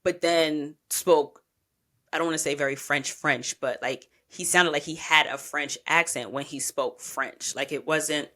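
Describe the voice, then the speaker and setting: A woman's voice: low-pitched, steady tone, unhurried, pushed and bright. A woman podcast host telling a travel story in a chatty, rambling way, with casual swearing and lots of asides.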